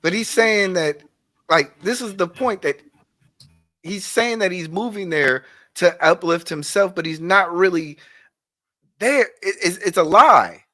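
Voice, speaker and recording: A man's voice: sits high, animated, measured pace, pushed and bright. A man hosting casual commentary on a clip, emphatic and repeating words to drive each point home. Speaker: commentary host.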